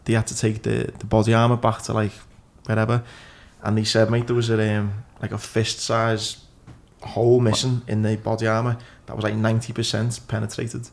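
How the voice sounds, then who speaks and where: Scouse host, talks pretty flat and steady, laid back, swears a lot. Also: male voice, fairly low pitch, fairly quick, vocal fry, hardly any pauses. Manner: relaxed and sweary, calls people "mate". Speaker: podcast host. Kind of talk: casual chat.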